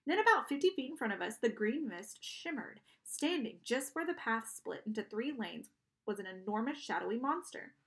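A woman's voice: a little high, big pitch swings, normal speed, fairly bright tone. A woman reading a storybook aloud, narrating and voicing the characters, with small restarts and self-corrections. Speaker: audiobook reader.

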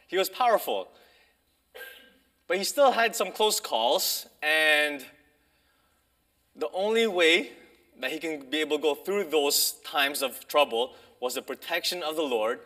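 Male preacher, slightly high bright voice, casual unhurried sermon delivery with pauses and fillers, church setting. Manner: conversational, pausing, restarts with fillers. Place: church sanctuary.

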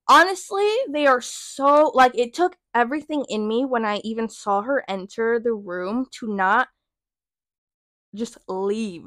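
A woman's voice: high voice, a little slow, a bit bright, no room sound. A young woman hosting a podcast, venting in a heated, profane, emphatic way. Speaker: podcast host. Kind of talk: casual venting monologue.

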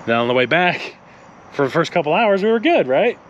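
A car-channel co-host with a fairly high, sing-song voice tells a road-trip story fairly quickly in a casual vlog, recorded with muffled audio. He rambles, trips over words and laughs a lot, while a faint hum of outdoor noise sits behind him.

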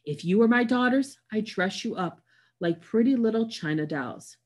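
A woman's voice: mid-range voice, animated, normal speed, darkish tone, pitched above the performer's own voice, lightly acted. A woman reading aloud, voicing a kind, doting older woman hostess who talks in a sweetly coaxing way.

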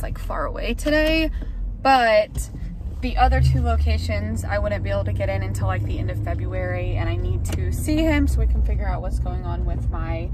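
A woman's voice: medium pitch, noisy background. A young adult woman, a kindergarten teacher, talking in a chatty, conversational way to her vlog audience. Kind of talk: casual vlog chat.

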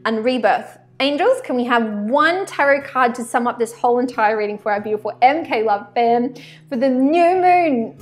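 Female card reader, high voice, excitable and rambling delivery, faint music underneath. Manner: excitable, rambling, many "like" fillers. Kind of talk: chatty card reading to viewers.

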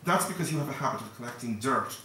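A man's voice: medium pitch, expressive, fast, bright, forceful tone, slight background noise. A man voicing a prim, haughty woman novelist, fussy and disdainful in her politeness. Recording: echoey hall, distant mic.

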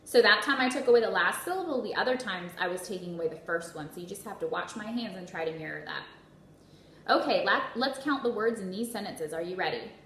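A woman leads young children through a phonics lesson, stretching out sounds and syllables slowly and clearly between quick words of praise. Her voice is bright and forward, and it rings in an echoey room with a faint hiss behind it. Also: mid-range voice, lively intonation. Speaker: first grade teacher.

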